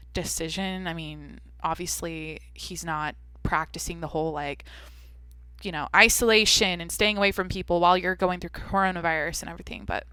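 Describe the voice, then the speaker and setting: A woman's voice: on the low side, fairly bright tone, smooth, dry recording. A young woman hosting her own podcast, rambling and venting in a casual, swearing, filler-heavy way. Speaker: podcast host. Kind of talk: casual solo podcast rant.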